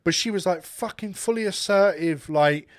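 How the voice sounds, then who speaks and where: A man's voice: high-pitched, moderate pace, dry recording. A man with a slightly raised voice launches into a furious, swear-laden rant, acting out the people in his story as he goes. The sound is dry and close, with no room around it. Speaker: podcast co-host and radio presenter. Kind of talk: casual chat, ranting anecdote.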